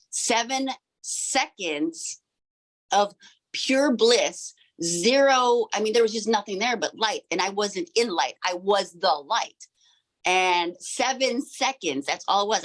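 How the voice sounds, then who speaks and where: A woman's voice: medium pitch, a bit bright. Woman in her 40s telling her healing story, earnest, lots of ums and restarts, middling voice. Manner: earnest, rambling, many fillers and restarts. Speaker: sound healer and crystal shop owner.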